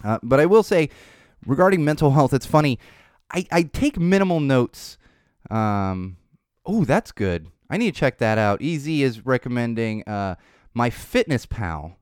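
Casual podcast host, male, tired, rambling; animated pitch, dry close recording. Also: unhurried, clear, resonant tone, no room sound. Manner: rambling, speaks off the cuff with tangents. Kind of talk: casual unscripted monologue.

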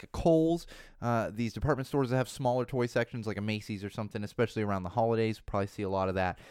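Podcast host, thirties, male, rambling casual delivery, smooth voice, dry close sound. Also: medium pitch, dry recording. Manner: rambling, lots of fillers and restarts. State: slightly losing his voice.

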